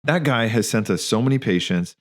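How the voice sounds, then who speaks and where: A man in his thirties with a fairly low voice speaks as a podcast host. He talks candidly and emphatically, full of slang and asides. He tells personal stories casually. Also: lively intonation, a little fast. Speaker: podcast host, physician and practice owner. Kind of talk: casual spoken monologue.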